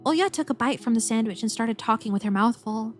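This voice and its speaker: A woman's voice: fairly high pitch, brisk, soft background music. A woman streamer reading a game's story aloud, playful and giggly, swearing when startled.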